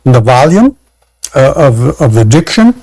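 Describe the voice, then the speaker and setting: A man talking as a guest in casual chat, animated, acting out quotes and laughing, with many restarts. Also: medium pitch, moderate pace, no echo, low-quality recording.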